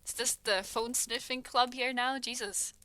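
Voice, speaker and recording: A young woman streamer chats casually with viewers as she plays, giggling often and bursting into excited exclamations. Her voice is a little high and measured in pace, with no echo.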